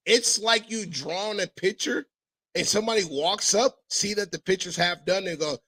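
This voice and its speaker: A man hosting a casual podcast chat, telling stories as a father in an animated, profane way and mimicking other people's voices. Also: sits high, unhurried. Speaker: podcast host.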